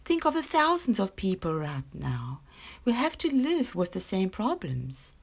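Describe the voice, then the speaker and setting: A woman voicing a calm, sensible mother in a storybook, speaking in a steady, gently consoling way. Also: mid-range voice, measured pace, vocal fry, breathy edge, exaggerated voice.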